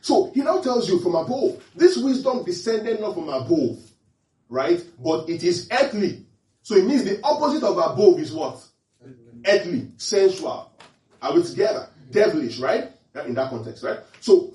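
A high-voiced male pastor with a darkish tone preaches at a moderate pace in a sing-song way, teaching scripture and repeatedly quizzing his audience in an interactive sermon. The room is echoey and the mic far away.

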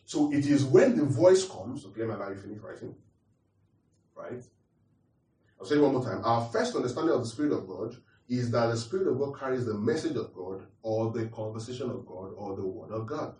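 Preacher teaching from a distant mic. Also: male voice, mid-range voice, lively intonation, brisk, darkish tone. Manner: repeats points, asks the audience questions. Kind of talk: sermon teaching. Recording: roomy echo, distant mic.

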